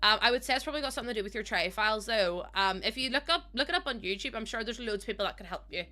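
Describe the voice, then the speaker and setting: A young woman live streaming, thinking aloud as she builds and warmly thanking viewers by name. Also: fairly high pitch, expressive, very fast, soft background music. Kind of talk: casual live-stream chat while building in a game.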